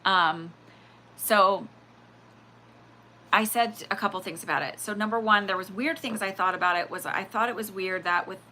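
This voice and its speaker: A woman's voice: mid-range voice, normal speed, pauses often, slight background noise. A woman hosting a spiritual reading livestream, rambling in a casual way with lots of fillers and quoted asides. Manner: rambling, animated, full of fillers and acted-out quotes.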